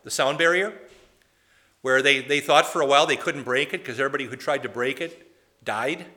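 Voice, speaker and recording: A male preacher with a bright, forceful tone, talking through a sermon in a loose, conversational way. He wanders off on side points and keeps turning to the congregation with questions. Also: mid-range voice, a little fast. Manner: chatty and digressive, quizzing the congregation.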